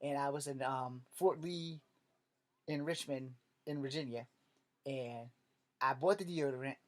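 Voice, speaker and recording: A man telling comic stories straight to camera in an animated, joking way, with a lot of cursing. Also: mid-range voice, unhurried. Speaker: vlogger. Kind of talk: comedic storytelling rant.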